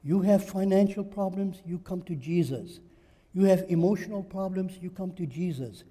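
Emphatic, dark-voiced male preacher. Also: sits high, moderate pace, big-room sound. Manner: emphatic, repeats phrases for stress. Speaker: pastor. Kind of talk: sermon. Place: church.

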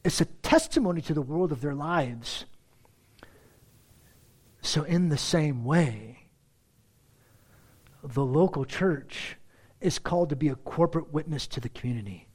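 A man preaching a sermon as pastor, conversational and animated, talking straight to his congregation. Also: a little high, a little slow, long pauses. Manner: animated, acts out everyday dialogue in different voices; conversational, addresses the congregation directly.

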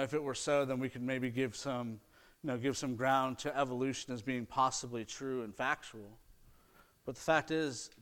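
A middle-aged man preaching an earnest sermon, reading scripture aloud and building to emphatic points. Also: fairly high pitch. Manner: earnest preaching with rising emphasis and mocking quoted excuses. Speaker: pastor.

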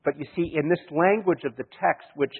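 A man's voice: a little high, fairly quick, husky. A man from Canada, preaching a sermon and telling stories, often restarting his sentences and chuckling. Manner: storytelling, chuckling, many restarts. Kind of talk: sermon with anecdotes. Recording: echoey hall, tinny lo-fi sound.

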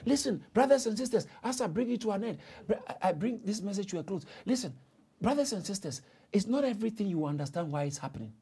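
Male preacher, very high voice, fervent and impassioned sermon delivery. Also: lively intonation, quick pace, gravelly, dark tone, slightly rough.

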